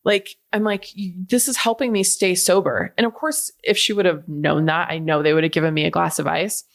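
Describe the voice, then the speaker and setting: A woman hosts her own podcast in a candid, heartfelt way, speaking straight to her listeners and dropping the odd curse word. Her voice sits a little low and carries a gravelly fry. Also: steady tone, fairly quick. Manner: frank and emotional, swears casually, addresses listeners directly. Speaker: podcast host. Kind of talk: candid personal podcast talk.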